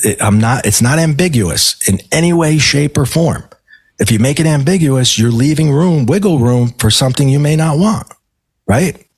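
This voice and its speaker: A man's voice: medium pitch, husky, no echo. A middle-aged man, a life coach and podcast guest, telling a personal story emphatically and acting out his own quoted words. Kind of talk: storytelling in a casual interview.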